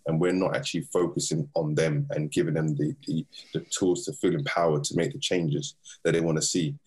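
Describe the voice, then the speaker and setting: A man's voice: a bass voice, flat delivery, fairly quick, darkish tone, slightly rough. A man talking earnestly and passionately as an interview guest about his youth mentoring work. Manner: earnest and passionate, builds points in long runs. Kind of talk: casual interview talk.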